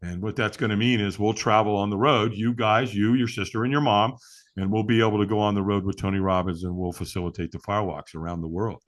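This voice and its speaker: Here the interview guest, a middle-aged firewalk instructor, has a fairly low voice and a quick pace. In this casual conversation he spins animated stories, performs quotes, and frequently breaks into laughter.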